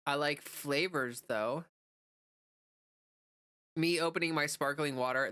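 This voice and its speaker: Woman streamer, casual chatter with viewers; bright, forceful tone; dry recording. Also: sits low, slow pace, long pauses, dry recording. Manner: chatty, answers chat messages, many "like" fillers. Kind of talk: casual livestream chat.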